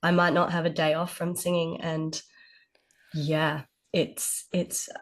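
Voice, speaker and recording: A woman's voice: low-pitched, level tone, slow pace. A woman singer and singing teacher co-hosting a podcast, chatting casually.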